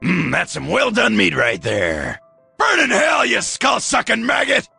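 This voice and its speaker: An actor playing a brash, wisecracking soldier in a video game, trash-talking with loud whoops in a gravelly, raspy voice. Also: male voice, high-pitched, wildly swooping pitch, a little slow, dry recording, soft background music, full character voice. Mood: rowdy.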